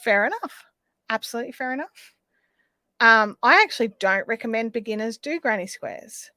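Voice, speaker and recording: Australian woman, easygoing rambling craft-stream host, slightly high voice, dry close sound. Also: animated, normal speed, bright, forceful tone, dry recording. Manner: chatty, rambling, reads out viewer comments. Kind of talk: casual live-stream chat.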